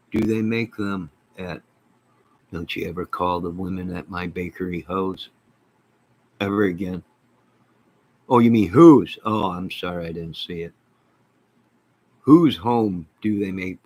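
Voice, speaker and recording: A man hosting his own channel, chatting casually to his viewers on a live stream in an excitable, folksy, rambling way. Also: deep voice, poor audio. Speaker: channel host.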